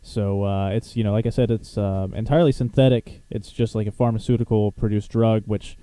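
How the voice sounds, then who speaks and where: A young man hosts a casual live chat show, rambling loosely and laughing easily. His voice is very dark and mellow, recorded dry and close with no room sound. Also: fairly low pitch, fairly even intonation, brisk, no room sound. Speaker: show host.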